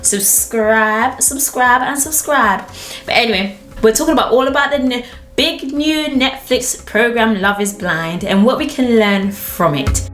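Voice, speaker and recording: A woman's voice: on the high side, moderate pace. A young adult woman hosting her own channel, chatting casually to camera and telling stories expressively, laughing easily. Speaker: channel host. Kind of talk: casual vlog chat to camera. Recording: roomy echo with faint background music.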